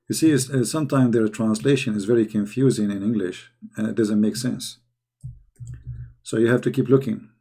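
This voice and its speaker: Hoarse, gravelly man, heated commentary. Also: on the low side, warm tone. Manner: heated, rhetorical questions, halting non-native English. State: hoarse, losing his voice. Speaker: online commentator. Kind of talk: polemical commentary while reading texts aloud.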